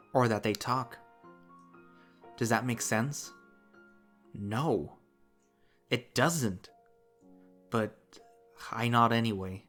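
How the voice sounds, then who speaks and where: Male reader for a first-person visual novel: slow, low and subdued, with faint music underneath. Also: a bit bright. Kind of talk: visual novel read-aloud.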